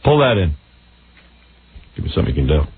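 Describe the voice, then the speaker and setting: A man's voice: a bass voice, big pitch swings, fairly quick, slightly rough, phone-quality sound. A man hosting a radio show, with crude and mocking banter. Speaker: radio host.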